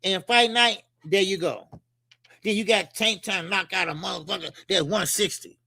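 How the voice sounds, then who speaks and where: A man hosting a boxing talk show, ranting casually and profanely in a rambling, animated way. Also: high voice, normal speed, creaky, dry recording, clean studio sound.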